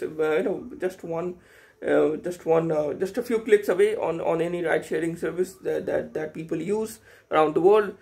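A man's voice: fairly high pitch, moderate pace, creaky, darkish tone. A young man, talking casually to camera in a hesitant, rambling way, full of fillers and restarts. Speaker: YouTuber. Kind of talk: casual unscripted vlog monologue.

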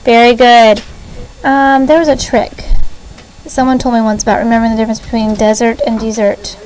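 A middle-aged woman teaching a spelling lesson, her voice set quite high. She drills each word patiently, dragging out the letters one by one and chatting in between. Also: level tone, a little fast, darkish tone, low-quality recording. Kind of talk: classroom spelling lesson over video.

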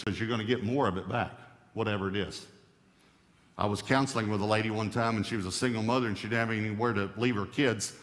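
A man's voice: on the low side, a bit bright, long reverb tail. A male pastor preaching a sermon, stressing key points by repeating them.

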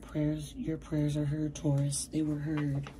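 Woman, low voice, casual tarot reading, chatty, slangy, emphatic, home bedroom. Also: completely flat delivery, unhurried, warm tone, a little hiss or hum, poor audio. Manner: chatty, slangy, emphatic, addresses viewers as baby. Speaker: tarot reader.

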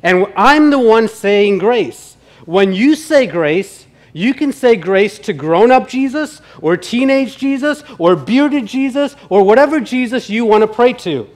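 A pastor voicing a boastful, dim-witted male race car driver who says grace in a loud, drawn-out, earnest way. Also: high-pitched, expressive, pitched above the performer's own voice. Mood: insistent.

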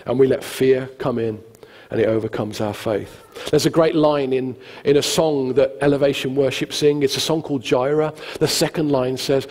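A man's voice: mid-range voice, fairly even intonation, moderate pace, darkish tone. A male pastor preaching a sermon, telling the story with humor. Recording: long reverb, church hall.

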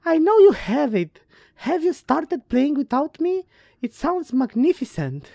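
A woman voicing an erratic, dramatic woman who is reading her own letter aloud in a shrill, theatrical voice. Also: sing-song, a little slow, vocal fry, mellow, no room sound, studio quality, heavily acted. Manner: shrill, theatrical, over the top.

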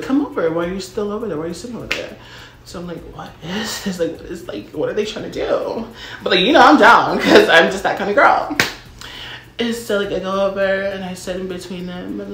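A young woman telling a casual storytime monologue, chatty and full of filler words and dramatic asides. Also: mid-range voice. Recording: roomy echo.

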